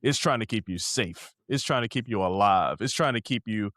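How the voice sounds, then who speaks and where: A man's voice: lowish voice, moderate pace, a bit bright, no echo, studio quality. A man hosting a conversational podcast interview, talking casually with many fillers and asking probing follow-up questions. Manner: casual, leans on "you know", asks probing questions. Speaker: podcast host.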